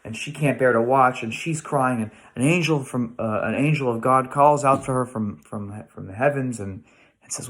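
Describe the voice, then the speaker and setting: Speaking at a normal speed in a medium, slightly bright tone, a middle-aged American man leads a relaxed weekly Torah class as the rabbi. His delivery wanders like someone thinking out loud, full of restarts and questions he doesn't expect answered.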